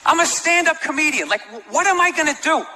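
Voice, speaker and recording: A man doing a stand-up comedy routine on stage, ranting sarcastically and shouting his punchlines. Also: extremely high pitch, expressive, quick pace. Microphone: handheld stage mic. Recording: live stage with loud crowd laughter and noise. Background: audience laughing.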